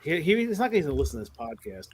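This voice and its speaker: A man with a high, light voice spins animated, foul-mouthed stories on a casual podcast. He often laughs mid-sentence and keeps the energy up as the tale builds. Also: fast talker, husky. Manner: animated, profane, laughs through his stories. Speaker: podcast guest who works as a mall Santa.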